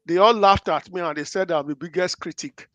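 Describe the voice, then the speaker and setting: A man's voice: high-pitched, brisk, fairly bright tone, no room sound, lo-fi sound. A man giving political commentary in an assertive, lecturing way. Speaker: guest commentator.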